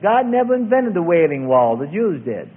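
A man preaching a sermon with emphatic delivery, swinging from loud calls to hushed passages. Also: sits high, sing-song, moderate pace, breathy edge. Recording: tinny lo-fi phone-like recording.

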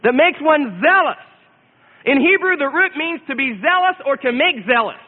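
A man preaching a sermon as pastor in a church, emphatic, slowing down and repeating key phrases. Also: very high voice, lively intonation. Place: church sanctuary. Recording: tinny lo-fi recording with long hall reverb.

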